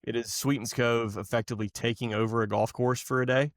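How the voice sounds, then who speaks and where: A man's voice: mid-range voice, steady tone, a little fast, dry recording, clean studio sound. A man hosting a podcast in casual chat, easygoing and explaining things with frequent uh and um. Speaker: podcast host.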